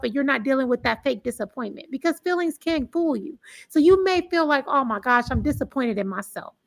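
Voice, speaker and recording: A woman with a high, bright voice speaks. She hosts a casual motivational talk, emphatic and animated, often rising to punch a point home. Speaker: host of a live wellness talk.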